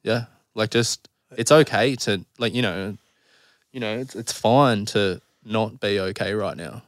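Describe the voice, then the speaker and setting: Low-voiced blunt man in his thirties. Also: a little slow, no echo, clean studio sound. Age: 30s. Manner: blunt, swears freely, rambling restarts. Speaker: podcast guest. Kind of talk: candid casual storytelling.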